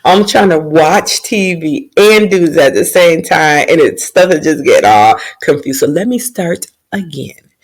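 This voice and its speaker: A woman's voice: low-pitched, expressive, measured pace. A woman casually recapping a TV episode in a slangy, joking way with plenty of swearing. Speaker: TV show recapper.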